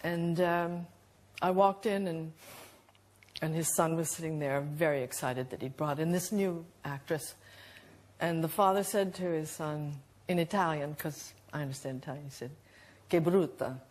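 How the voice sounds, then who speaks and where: A woman chats as a talk show guest and tells her stories in a measured, reflective way. Her voice sits a little low for a woman. She is speaking in a TV studio. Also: a little mellow. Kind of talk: anecdotal chat.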